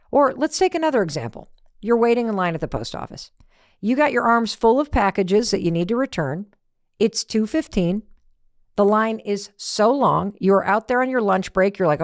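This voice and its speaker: A middle-aged woman hosting a motivational talk, animated, asking rhetorical questions and acting out everyday scenes. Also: medium pitch, normal speed, dry recording, clean studio sound. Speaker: podcast host.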